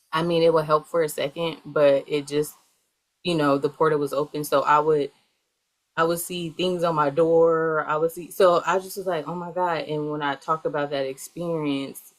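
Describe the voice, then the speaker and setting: A woman with a notably low, deep voice answers interview questions in a loose, wandering way. She is a young adult and fills her talk with plenty of "um" and "like". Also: poor audio. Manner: rambling, filler-heavy. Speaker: guest, healer.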